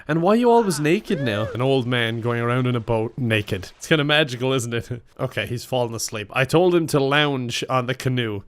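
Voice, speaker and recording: A man's voice: medium pitch, fairly bright tone, a little hiss or hum. A young man giving crude, giggly let's-play commentary and laughing often. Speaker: gaming YouTuber.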